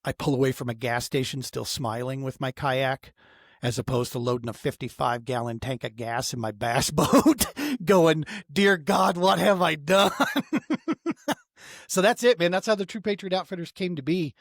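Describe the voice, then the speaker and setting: A man's voice: medium pitch, steady tone, fairly quick, no echo, clean studio sound. Earnest middle-aged man telling a story. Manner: earnest and emotional, many "man" and restarts. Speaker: podcast guest, outdoor therapy founder. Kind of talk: casual storytelling in a podcast interview.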